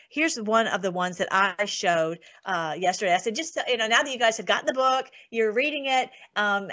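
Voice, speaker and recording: A woman hosting an online show, talking casually and excitedly, reading scripture aloud and laughing often. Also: medium pitch. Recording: dull lo-fi sound.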